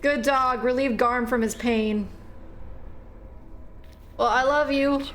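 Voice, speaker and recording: A woman streamer giving casual, animated commentary while playing a horror game, swearing, laughing and chatting with viewers. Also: high voice, takes it slowly, noisy background.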